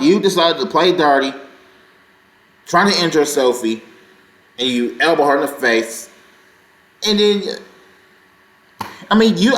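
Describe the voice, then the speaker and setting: Excitable high-voiced man in an echoey room. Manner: excitable, indignant, rambling. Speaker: sports channel host. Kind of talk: reaction commentary vlog.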